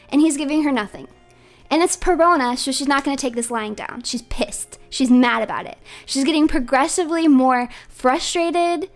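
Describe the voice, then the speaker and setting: She is a chatty woman streamer with a high, bright voice, playful and quick to laugh. Soft music plays under her casual livestream talk.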